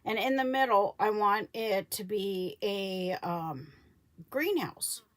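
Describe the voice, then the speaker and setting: A woman's voice: medium pitch, slow. A woman, chatting casually on a live stream about her homestead, rambling and correcting herself as she goes. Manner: rambling, self-correcting, quotes others in lively voices. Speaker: homesteading vlogger.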